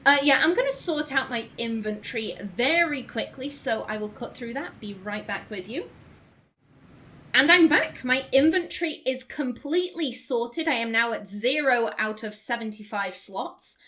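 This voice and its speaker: A woman's voice: on the high side, lively intonation, normal speed, pushed and bright. A woman hosting a casual let's play, chatting enthusiastically over gameplay with plenty of fillers and restarts.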